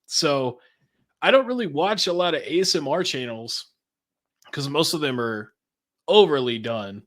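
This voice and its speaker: A man's voice: fairly high pitch, lively intonation, a little slow, a bit bright. Laid-back, chatty man as podcast guest. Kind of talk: casual interview chat.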